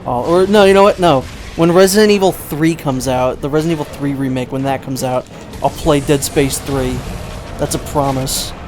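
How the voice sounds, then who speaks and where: A man's voice: medium pitch, normal speed, music in the background. Rambling man giving let's-play commentary. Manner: rambling, chatty, self-mocking. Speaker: gameplay commentator.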